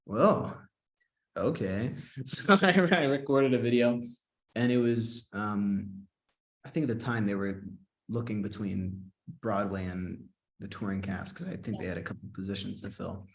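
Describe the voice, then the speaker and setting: Animated young man telling a story. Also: on the low side, normal speed. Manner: animated, quoting himself in excited bursts. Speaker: guest actor and singer. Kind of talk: casual interview storytelling.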